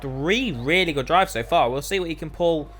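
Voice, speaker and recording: A man commentating live on an online racing league, excitable, his voice climbing whenever an overtake happens. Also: a little high, normal speed, a little hiss or hum.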